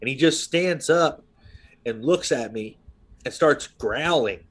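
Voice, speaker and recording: A man's voice: mid-range voice, expressive, slow, fairly bright tone. A man in his thirties talking casually on a podcast, rambling through a story with many fillers and asides. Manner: rambling storyteller, full of "you know what I mean". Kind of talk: casual conversation.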